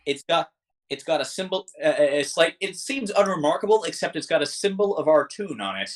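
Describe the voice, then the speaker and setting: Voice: medium pitch, expressive, fairly quick. A game master narrating a tabletop game, hesitant and full of restarts.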